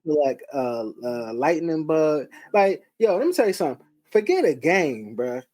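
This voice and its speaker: A man in his thirties co-hosts a casual podcast, emphatic and slangy. His voice sits a bit higher than most men's. His pitch moves in lively swings. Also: unhurried. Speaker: podcast co-host. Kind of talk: casual chat.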